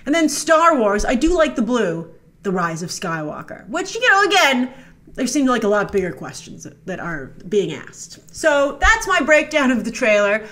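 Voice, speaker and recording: A woman's voice: on the high side, sing-song, moderate pace, pushed and bright. A woman hosting a casual trailer breakdown, chatty and sarcastic, now and then mocking the characters in made-up voices. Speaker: host.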